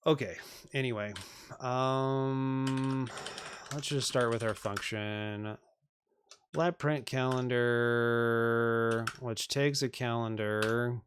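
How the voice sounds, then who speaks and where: A man's voice: mid-range voice, fairly even intonation, drawn-out words, long pauses, slight background noise. A man on a live stream working through programming exercises, reading them aloud and joking with viewers in a self-deprecating way.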